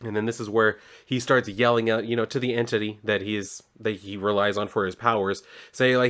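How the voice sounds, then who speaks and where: A man's voice: fairly low pitch, steady tone, fast talker, hardly any pauses, a bit bright. A man casually recapping a comic book issue, rambling with lots of filler words and offhand swearing.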